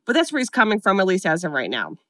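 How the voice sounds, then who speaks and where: A woman's voice: mid-range voice, wildly swooping pitch, quick pace, pushed and bright, no room sound. A woman co-hosting a podcast, chatting casually and sarcastically as she recaps a film and acts out the characters' lines. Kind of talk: casual chat.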